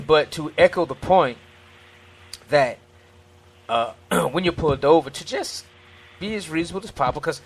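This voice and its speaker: A man's voice: mid-range voice, fairly bright tone. A man in an earnest faith-based discussion who quotes scripture and acts out his own encounters as dialogue.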